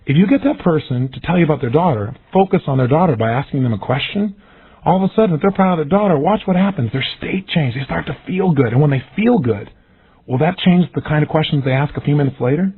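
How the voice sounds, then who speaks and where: A man giving an energetic, emphatic motivational seminar talk, acting out the questions he quotes. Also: fairly high pitch, fast talker, breathy edge. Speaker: motivational speaker. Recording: tinny phone-like lo-fi audio.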